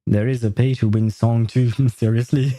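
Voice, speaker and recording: A man's voice: medium pitch, steady tone, normal speed, warm tone, dry recording. A man whose first language is French, chatting in a rambling way as a game streamer on a livestream and laughing often. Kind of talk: casual livestream chat.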